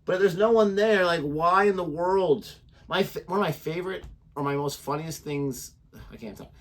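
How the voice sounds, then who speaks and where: A man's voice: fairly high pitch, moderate pace. A man co-hosting a reaction video in casual chat, joking and rambling as he laughs often. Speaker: reaction channel co-host.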